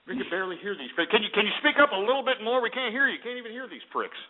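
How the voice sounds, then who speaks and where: Abrasive male radio host who rants at callers; high, lively pitch; tinny phone-line audio. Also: very fast. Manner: abrasive, ranting, insults callers. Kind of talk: call-in radio show.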